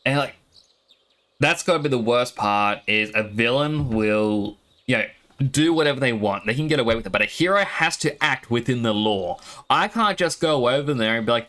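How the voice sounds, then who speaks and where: A young Australian man who streams as a VTuber chats casually while playing a game, telling rambling stories with laughs in an animated way. His voice is mid-range and his pace moderate.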